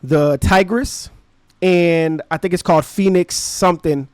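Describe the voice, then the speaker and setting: A man in his thirties with a fairly high voice, spinning a slangy, animated story for his podcast. The sound is dry and close, with no room ring. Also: unhurried, clear, resonant tone, no room sound. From Brooklyn, New York. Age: 30s. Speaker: podcast host. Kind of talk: casual storytelling.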